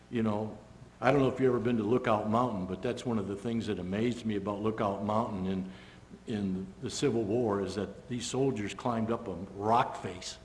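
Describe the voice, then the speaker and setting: A man preaching a sermon, telling the story with lively character voices and casual conversational asides. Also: lowish voice, a little hiss or hum. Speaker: pastor. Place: church sanctuary. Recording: long church-hall reverb.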